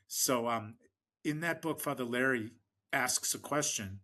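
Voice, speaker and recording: A middle-aged American man with a bright, forward voice tells rambling stories in a podcast interview. He fills his speech with ums and restarts and slips into the voices of the people he quotes. His pitch sits at an ordinary level for a man. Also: measured pace. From United States. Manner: rambling anecdotes, frequent fillers and restarts, acts out quoted people. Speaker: fundraising expert guest. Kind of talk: conversational storytelling in a podcast interview.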